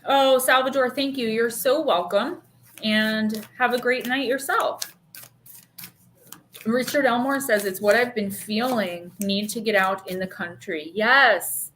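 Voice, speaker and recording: A woman's voice: a little high, a little slow, a bit bright, slight background noise. A woman hosting a live-stream oracle card reading, speaking casually with frequent fillers and reading card meanings aloud. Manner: chatty, reads card text aloud, many fillers.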